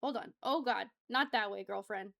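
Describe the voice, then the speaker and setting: A woman's voice: mid-range voice, normal speed, creaky, sharp tone, slight background noise. A young woman hosting a casual livestream from her home setup, chatting with viewers in a bubbly, giggly way and getting easily flustered. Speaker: livestream host.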